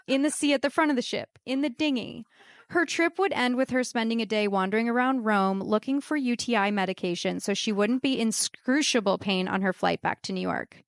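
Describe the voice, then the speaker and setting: Woman, live comedic storyteller, wry asides, higher voice, dry close sound. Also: no room sound.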